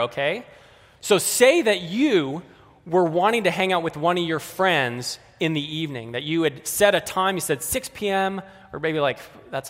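A man's voice: high-pitched, fairly bright tone, long reverb tail. A man preaching a sermon in a conversational way, speaking directly to the kids and the adults in the congregation.

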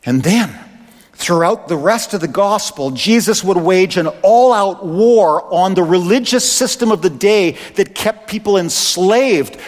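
A male pastor delivers an impassioned sermon and reads scripture passages aloud. His voice is notably high and rings with long reverb. The sound suggests a large hall.

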